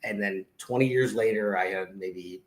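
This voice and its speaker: A man's voice: on the low side, moderate pace, over a noisy crowd. A middle-aged man with a New Jersey accent hosting a podcast, telling teasing jokes in casual banter. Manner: joking, teasing, playful storyteller. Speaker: podcast host. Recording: echoey room.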